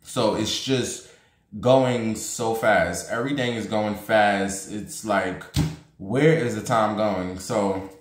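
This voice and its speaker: A man chatting casually to his viewers, rambling fast and excitedly with blunt, profane humor. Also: on the low side, roomy sound. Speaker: vlogger.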